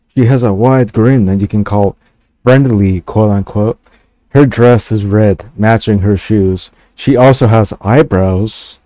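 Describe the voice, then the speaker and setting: A man reading a text game aloud and stopping for hesitant, halting asides with fillers and restarts. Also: on the low side, dark tone, no echo. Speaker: gaming channel host.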